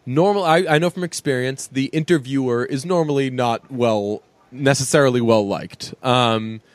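A man's voice: medium pitch, normal speed, no room sound. A man hosting a casual podcast chat, joking and slipping into mimicked voices.

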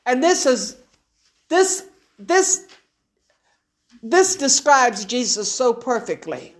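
Middle-aged female preacher, high-pitched, deliberate fervent sermon delivery. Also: sing-song. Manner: emotional, fervent preaching with call-and-response.

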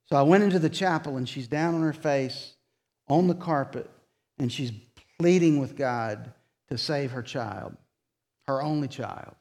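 Earnest preacher man. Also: on the high side. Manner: retells conversations in quoted dialogue, earnest; drops soft and slow for solemn points. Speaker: pastor. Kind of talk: sermon storytelling.

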